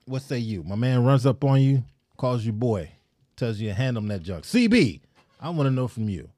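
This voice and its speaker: A man hosting a podcast in relaxed, rambling casual chat, often laughing mid-sentence. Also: mid-range voice, moderate pace, dry recording, studio quality. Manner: laid-back, rambling, laughs while talking. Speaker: podcast host.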